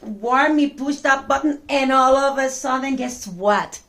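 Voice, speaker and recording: A woman telling a children's story in an expressive, chatty way, with exclamations and asides to the young listener. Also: sits high, unhurried. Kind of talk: animated children's story reading.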